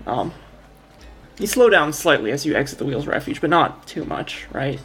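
A woman's voice: low voice, lively intonation, moderate pace, fairly bright tone, slight background noise. A woman narrating a tabletop game as game master, rambling and correcting herself as she goes.

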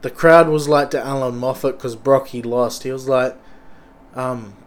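Young Aussie guy, thick accent, mid pitch, rambling sweary vlog monologue. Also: fairly even intonation, normal speed. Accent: Australian. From Australia. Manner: sweary, rambling, blokey slang.

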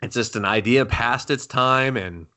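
A young adult man co-hosting a podcast in casual chat, animated and laughing, swearing freely and acting out scenes. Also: mid-range voice, a little slow. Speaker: podcast co-host. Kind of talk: casual chat reviewing anime.

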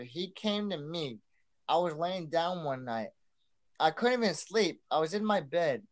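A man's voice: fairly high pitch, expressive, measured pace. Earnest young man giving testimony. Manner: earnest, repeats himself and restarts often. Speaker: podcast guest. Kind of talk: personal testimony.

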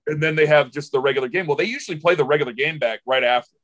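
A man who hosts a sports radio show, telling stories in a casual podcast chat. His voice sits a little high, and he rambles emotionally, repeating and restarting words as he goes. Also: rapid-fire, fairly bright tone.

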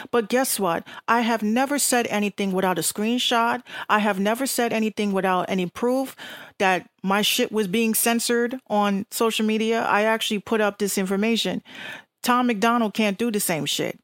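A woman's voice: medium pitch, moderate pace, dry recording. A woman with a Bronx accent hosting an online radio show, ranting bluntly and profanely in casual talk.

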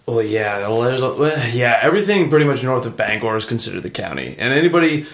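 Easygoing guest from Maine. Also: male voice, medium pitch, big pitch swings, fast, a bit bright, reverberant. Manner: easygoing, explains things at length. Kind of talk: casual podcast chat. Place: studio.

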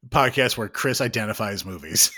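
A man in his thirties co-hosting a podcast, telling an animated, swearing story with lots of laughs. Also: fairly low pitch, normal speed, slight background noise. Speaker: podcast co-host. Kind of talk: casual chat.

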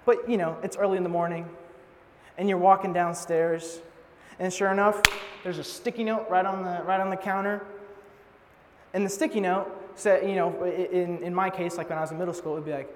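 High-pitched and fairly quick, a young man delivers a casual, jokey sermon, spinning animated stories and teasing out a passage. There's long hall reverb and a bit of hiss or hum.

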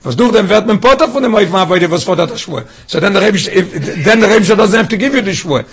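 A man's voice: high voice, expressive, fast talker, husky. A man teaching a Torah study class, often asking the students questions and restarting his phrases.

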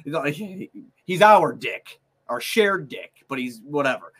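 A man's voice: fairly high pitch, animated, measured pace, fairly bright tone, breathy edge. A man co-hosting a sports podcast, ranting heatedly and swearing a lot. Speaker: podcast co-host. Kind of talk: casual sports podcast banter.

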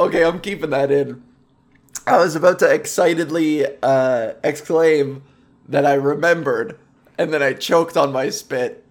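A man's voice: on the high side, a little slow, a little hiss or hum. A man hosting a comedic solo podcast, rambling and self-mocking, and easily sidetracked, speaking close to his microphone. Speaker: podcast host.

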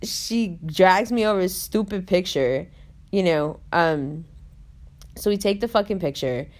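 A woman telling a story in casual chat, animated and full of swearing. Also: fairly low pitch, unhurried.

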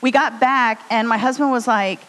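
A woman's voice: a little high, normal speed. Bubbly chatty woman on a live stage. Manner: chatty, rambling, animated. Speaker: podcast co-host. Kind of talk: live storytelling podcast talk. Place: stage before a live audience. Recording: long hall reverb.

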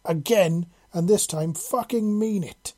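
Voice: mid-range voice, moderate pace, warm tone, slightly rough, natural voice. A reader doing Shepard, a foul-mouthed fierce woman soldier. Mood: commanding. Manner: growling, swearing, drill-sergeant commands.

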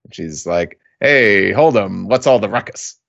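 Slow, gravelly man recapping casually. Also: animated, a bit bright, dull audio. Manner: halting, many fillers, acts out quotes in higher voice. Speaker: podcast co-host recapping a manga chapter. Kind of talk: casual recap with quoted lines.

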